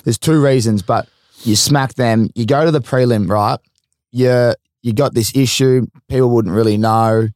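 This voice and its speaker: A man with an Australian accent hosting a casual podcast interview, asking probing questions in a relaxed, conversational way. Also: medium pitch, normal speed, dry recording, studio quality. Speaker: podcast host, former footballer.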